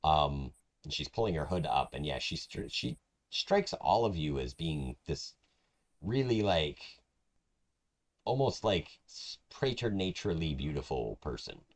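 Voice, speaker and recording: Very deep-voiced man running a tabletop game. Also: big pitch swings, a little slow. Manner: loose, filler-heavy narration. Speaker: game master.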